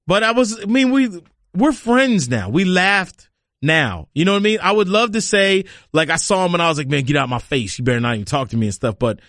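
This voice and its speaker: A man in a studio chatting casually, his pitch swinging widely as he tells a story and mimics the people in it. His voice sits somewhat high. The sound is dry and close. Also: dry recording. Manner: lively storytelling, acts out quotes. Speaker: podcast co-host, caddie. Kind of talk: casual chat. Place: radio studio.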